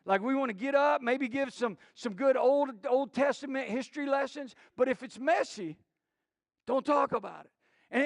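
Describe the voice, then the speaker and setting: High-voiced pastor telling stories. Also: male voice, no echo. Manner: storytelling with many restarts and acted quotes. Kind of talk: sermon.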